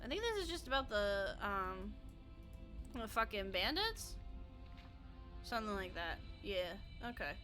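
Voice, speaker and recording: A woman's voice: mid-range voice, very animated, unhurried, pauses often, bright, forceful tone, soft background music. A young adult woman streaming a game, chatting casually in a bubbly way, laughing often and swearing offhandedly. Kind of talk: casual live-stream chat while playing.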